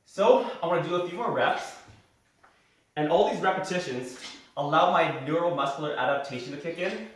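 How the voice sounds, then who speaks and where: A man's voice: on the high side, expressive, a little fast, fairly bright tone. A man as a fitness trainer, explaining each exercise step by step while he demonstrates it in a gym. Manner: instructive, explains while doing the moves. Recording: very echoey room heard from a distance.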